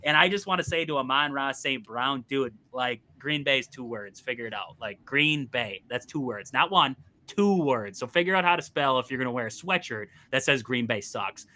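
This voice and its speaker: A man co-hosting a sports podcast, talking in an animated, exasperated way and laughing often. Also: mid-range voice, moderate pace, few pauses, slight background noise. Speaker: podcast co-host. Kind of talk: casual sports chat.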